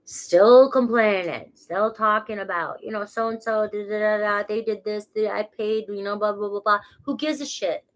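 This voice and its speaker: A chatty woman who has a cold gives a casual tarot reading, rambling from point to point and laughing at herself along the way. She speaks in an ordinary middle pitch. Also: fairly even intonation, moderate pace, hardly any pauses. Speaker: tarot reader.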